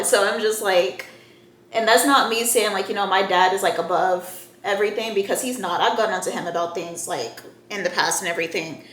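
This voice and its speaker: A woman's voice: medium pitch, brisk, a bit bright, echoey room. A young woman telling a personal story to her viewers in a casual, heated, profane way. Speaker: storyteller vlogger.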